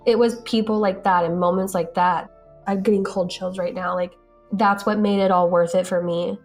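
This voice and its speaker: A woman tells her story in a loose, casual way, slipping into the voices of the people she quotes and dropping "like" into nearly every sentence. Her pitch sits at an ordinary middle level for a woman, and soft music runs quietly underneath. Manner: animated, acts out quoted dialogue, frequent "like". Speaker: interviewee recounting events.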